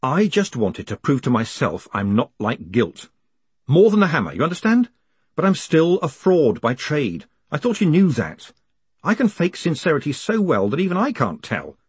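A man's voice: fairly high pitch, wildly swooping pitch, moderate pace, darkish tone, husky, no echo, voice pushed up, heavily acted. A man playing a charming, restless male con man who talks in a glib, self-mocking way. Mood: wry.

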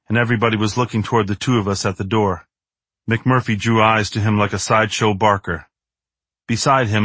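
A man narrating a novel in the first person in a measured, steady, understated way. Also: on the low side, no room sound. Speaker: audiobook narrator.

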